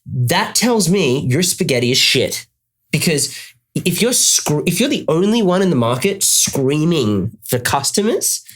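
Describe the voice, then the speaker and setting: A man's voice: on the high side, very animated, unhurried, fairly bright tone, husky. A man with an Australian accent telling a rambling comic story in a casual chat, full of restarts.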